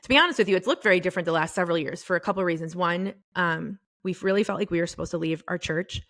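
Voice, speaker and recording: A middle-aged woman co-hosting a podcast, talking about her faith in a halting, tearful way. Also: fairly low pitch, dry recording, clean studio sound. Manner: tearful, halting, soft-spoken. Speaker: podcast co-host. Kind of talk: casual faith chat. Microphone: podcast microphone.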